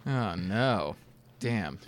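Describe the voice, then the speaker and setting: A man's voice: lowish voice, animated, extremely slow. A man co-hosting a casual comedy history chat, making dry, laid-back wisecracks. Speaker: podcast co-host.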